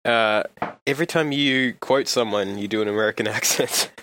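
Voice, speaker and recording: A man's voice: fairly low pitch, moderate pace, pushed and bright, no echo. A man co-hosting a podcast, teasing the others with laughing asides. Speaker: podcast co-host. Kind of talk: casual chat.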